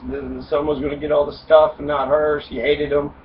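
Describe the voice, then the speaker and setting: A man's voice: on the high side, level tone, fairly quick. A man casually retelling a fairy tale for comedy, rambling, swearing and cracking jokes. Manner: profane, wisecracking, rambling with fillers. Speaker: podcast host retelling fairy tales. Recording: distant mic, dull lo-fi sound, faint noise.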